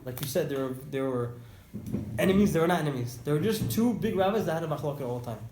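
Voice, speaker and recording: A man with a high-pitched voice teaching a casual class, animated and storytelling, often repeating himself for emphasis. The sound comes from an echoey classroom with a faint hiss of noise behind it. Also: fast talker. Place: indoor classroom with students.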